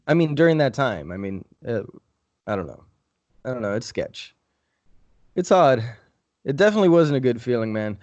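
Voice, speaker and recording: A man's voice: medium pitch, sing-song, normal speed, long pauses, a little mellow, no echo. Casting: young male podcast host, rambling and profane, dry dull mic. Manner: profane, rambling, laid-back. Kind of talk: casual storytelling chat.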